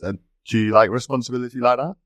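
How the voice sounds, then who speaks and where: A man's voice: mid-range voice, fairly even intonation, quick pace, no echo. A man hosting a podcast, asking long, hesitant questions full of fillers. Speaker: podcast host. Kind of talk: interview questions.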